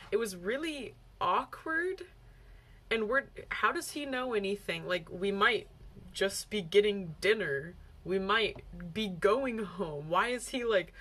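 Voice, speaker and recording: A woman's voice: mid-range voice, fairly bright tone. A young woman vlogging, telling a story casually with lots of "like" and acted-out quotes. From United States. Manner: chatty, heavy use of "like", acts out quoted lines.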